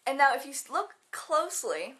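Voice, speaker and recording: Teen girl vlogger, bright and forceful tone, a touch high, giggly chatter. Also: very animated, moderate pace. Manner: bubbly, giggly, lots of fillers and quoted asides. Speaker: student vlogger. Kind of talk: casual chatty vlog.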